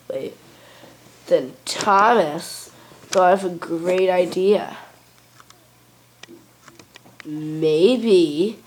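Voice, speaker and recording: A woman improvising a toy train story, narrating with pauses and self-corrections. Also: fairly low pitch, slight background noise.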